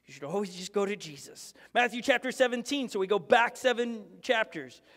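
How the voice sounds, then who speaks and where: A man preaching a sermon as pastor, animated, acting out prayers and quotes in different voices. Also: high voice, brisk. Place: church auditorium. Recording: preaching in a reverberant hall.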